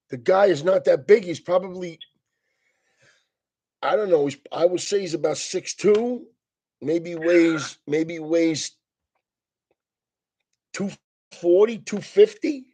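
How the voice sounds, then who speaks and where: Husky high-voiced man ranting profanely. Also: measured pace, pauses often. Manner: animated, swears constantly, laughs mid-sentence. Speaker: comedian. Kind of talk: casual profane rant.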